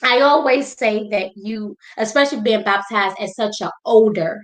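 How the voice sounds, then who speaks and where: A woman hosting a faith-based talk show, encouraging her guest in quick bursts of speech. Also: mid-range voice. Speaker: host.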